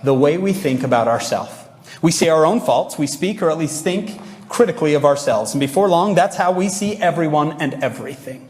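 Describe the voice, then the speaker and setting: A man giving a humorous, lively devotional talk to young people, joking with the audience. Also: a little high, fairly quick, long reverb tail. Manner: humorous, playful, mimics whiny voices. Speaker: youth speaker. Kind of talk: energetic devotional talk to youth.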